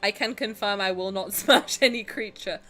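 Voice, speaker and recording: A young woman streamer chatting casually with her viewers on a headset, cheeky and animated, swearing and laughing freely. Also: medium pitch, normal speed, faint music behind. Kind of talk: casual live-stream chat. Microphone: headset with headphones.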